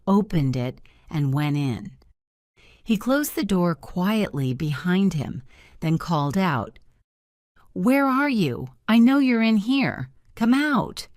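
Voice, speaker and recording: Slow, low-pitched woman reading a story. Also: darkish tone, dry recording, studio quality. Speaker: narrator. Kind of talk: graded-reader story narration.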